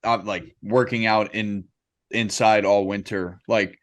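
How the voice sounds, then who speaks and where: A man's voice: lowish voice, fairly even intonation, slow. A man co-hosting a podcast, who is also a ballplayer, talking emphatically, with casual swearing and many filler words.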